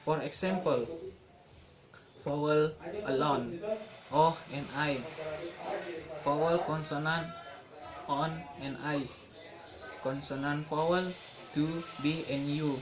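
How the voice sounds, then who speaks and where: A young man giving a classroom pronunciation lesson, halting and restarting, repeating each example word slowly. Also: fairly high pitch, steady tone, a crowd in the background, low-quality recording. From Indonesia. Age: young adult. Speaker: student presenter.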